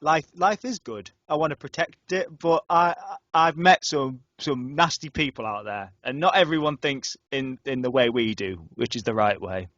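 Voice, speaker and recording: A young man from the north of England, co-hosting a casual student radio podcast and telling stories with lots of restarts and sudden jumps in pitch. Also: moderate pace, no room sound, muffled recording. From North Yorkshire, England. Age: young adult. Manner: animated storyteller, restarts and stammers, lively pitch jumps. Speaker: podcast co-host.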